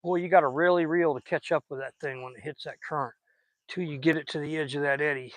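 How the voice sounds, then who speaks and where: A man's voice: fairly high pitch, steady tone, fast, no room sound, rough recording. A man with a Southern US accent chatting in a folksy, rambling way while fishing outdoors on a river. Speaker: fishing vlogger. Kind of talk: casual chat while fishing.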